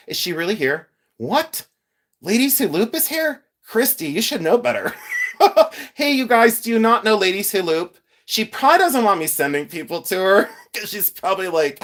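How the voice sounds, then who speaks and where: A man's voice: fairly high pitch, fairly bright tone. A man hosting a casual livestream, chatting with viewers, greeting them by name and laughing often as he talks. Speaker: livestream host sorting jewelry.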